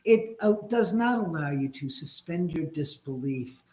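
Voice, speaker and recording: A man's voice: on the high side, expressive, measured pace, a little mellow. A man hosting a casual live stream from home, rambling and blunt with casual swearing. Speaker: livestream host. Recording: echoey room.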